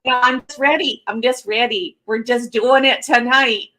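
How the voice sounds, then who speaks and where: High, bright Midwestern woman co-host. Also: fairly even intonation, brisk, hardly any pauses. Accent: Midwestern American. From American Midwest. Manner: playful, hams up a folksy Minnesota accent, swears casually. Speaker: podcast co-host. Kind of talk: casual chat.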